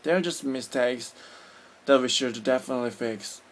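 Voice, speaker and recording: A man's voice: medium pitch, normal speed. A man from Korea, a native Korean speaker with a Korean accent, vlogging his opinions in an earnest, casual way and often stopping to search for words.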